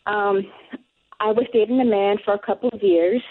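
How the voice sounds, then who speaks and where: A woman calling in to a radio show and telling a story with excited, breathless energy. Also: mid-range voice, normal speed. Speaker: caller. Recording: tinny phone line.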